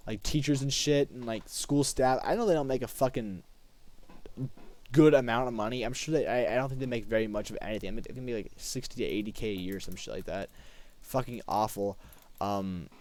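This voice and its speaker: A young man in his late teens tells a story from school in a loose, rambling way. He swears freely and keeps restarting his sentences. His voice sits at an ordinary pitch, and the recording is dry and close. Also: a little mellow, dry recording. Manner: rambling, profane, lots of fillers and restarts. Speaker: high school student. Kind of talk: casual storytime.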